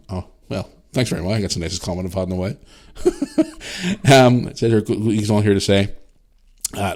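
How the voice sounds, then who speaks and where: A middle-aged man with a Northern Irish accent hosts a solo podcast. He talks in a loose, rambling, chatty way, working through listener messages. His voice sits a little low. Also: moderate pace, long pauses, a little mellow. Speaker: podcast host. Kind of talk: casual solo podcast chat.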